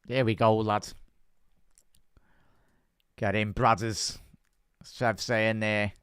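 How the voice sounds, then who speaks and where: A man hosting a live football watch-along, giving chatty fan commentary, answering viewer chat and shouting out at big moments. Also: lowish voice, little pitch movement, slow pace, clean tone, no echo, studio quality.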